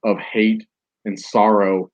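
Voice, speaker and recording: A man's voice: fairly low pitch, little pitch movement, slow pace, muffled recording. A man hosting a podcast, telling a story casually, rambling with many fillers and restarts. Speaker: podcast host.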